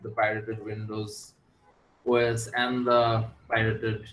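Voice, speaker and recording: A man's voice: fairly low pitch, completely flat delivery, unhurried, a bit bright, echoey room, poor audio. A man with a Bangladeshi accent teaching a class, switching between English and Bengali and often checking that his students follow. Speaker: university lecturer. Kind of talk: classroom lecture.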